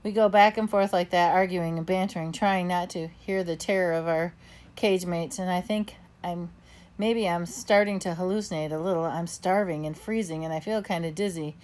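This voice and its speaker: A woman reading a children's novel aloud in the first person, with expressive storybook narration. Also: on the low side, normal speed. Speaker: audiobook narrator.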